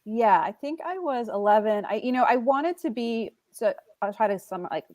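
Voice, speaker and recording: A woman in her forties with a Brooklyn accent, a guest actress telling animated, self-deprecating stories in a casual interview and acting out the quotes. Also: fairly high pitch, normal speed, no room sound. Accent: Brooklyn New York.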